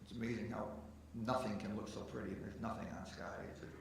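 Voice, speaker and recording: A man's voice: fairly low pitch, fairly even intonation, fast talker, vocal fry, distant mic, slight background noise. A man, a folk musician, telling stories between songs at a live concert and joking with the audience. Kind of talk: on-stage storytelling between songs. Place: arts center stage, live concert. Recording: echoey hall, mic from afar. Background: guitar music.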